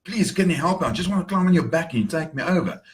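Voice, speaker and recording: A man's voice: fairly high pitch, animated, quick pace, voice pushed up, close to an everyday voice. A man voicing a male scorpion, begging and sweet-talking to get a ride across a river. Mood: pleading. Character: pleading male scorpion desperate to cross.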